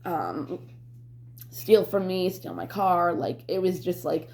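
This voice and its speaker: A woman's voice: lowish voice, expressive, slow pace, darkish tone, a little hiss or hum. A young woman vlogger telling a personal story candidly, rambling and swearing, with lots of fillers. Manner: rambling, profane, full of fillers.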